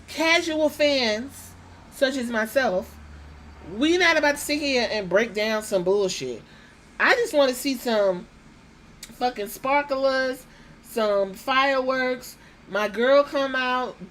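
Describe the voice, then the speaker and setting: A woman's voice: on the high side, a little hiss or hum. Blunt, profane woman ranting on a podcast. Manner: blunt, profane, animated with mocking impressions. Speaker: podcast host. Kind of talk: casual opinion rant.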